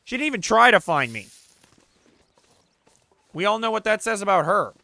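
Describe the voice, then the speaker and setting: Male let's-play host, casual commentary, excitable and profane, with a dry, close sound. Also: high-pitched, normal speed, gravelly, dry recording. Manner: excitable, swears and shouts at misses; talks to the player character and the audience.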